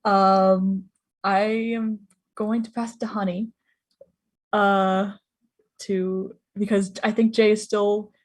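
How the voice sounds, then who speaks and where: A woman player, emotional and near tears, rambles excitedly through her thanks. She jokes and swears freely at a middle pitch. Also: slow, pauses often. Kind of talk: casual closing thanks on a live stream.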